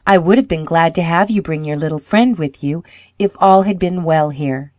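A woman reading a letter from a tender, worried mother in a storybook, measured and gentle. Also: low voice, no room sound, studio quality, close to an everyday voice.

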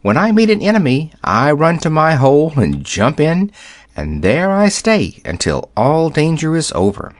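A man voicing a shy, gentle male rabbit who grows chatty as he talks. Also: a little high, wildly swooping pitch, normal speed, dry recording, voice pushed up.

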